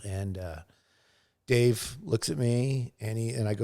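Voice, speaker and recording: A man's voice: mid-range voice, fairly even intonation, normal speed, gravelly, warm tone. A middle-aged man, a news pilot and guest, telling a casual, rambling story full of fillers and restarts, and acting out sounds and quotes.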